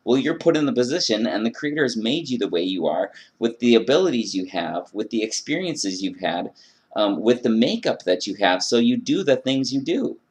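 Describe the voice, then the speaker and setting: A man's voice: mid-range voice, big pitch swings, normal speed. Earnest man ranting about faith. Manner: earnest, emphatic, with quoted inner prayers. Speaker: video blogger. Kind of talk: religious rant monologue.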